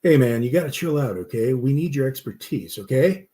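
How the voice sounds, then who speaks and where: A man's voice: mid-range voice, expressive, fairly quick, warm tone, close to an everyday voice. A jittery, twitchy addict, as a storyteller puts him on, pleading and rattled in a nervous voice. He keeps trying to talk his way out of trouble in a spoken story.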